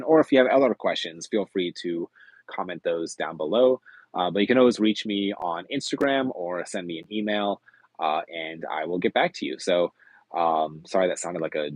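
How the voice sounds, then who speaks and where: Brief: male streamer host, low-pitched, chatty and upbeat, slightly hoarse, dry close sound. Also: no echo. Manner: chatty and enthusiastic. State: hoarse, losing his voice. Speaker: host of a movie live stream. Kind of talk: casual live-stream chat.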